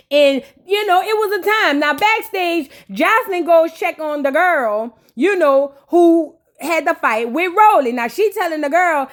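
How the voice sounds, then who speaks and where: A woman hosting a reaction show, recapping in a casual, animated, profane way and talking straight to her viewers. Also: fairly high pitch.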